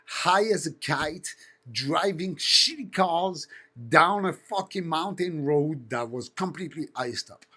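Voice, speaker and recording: A man in his thirties with a French accent hosts a casual live stream, telling stories packed with swearing and imitations of engine noises. His voice is medium-pitched and bright, with a forceful, slightly rough tone.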